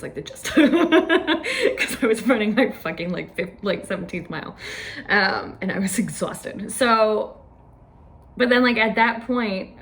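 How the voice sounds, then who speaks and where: A young woman telling a casual personal story, chatty and full of "like" fillers, laughing often. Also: mid-range voice. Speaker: podcast host.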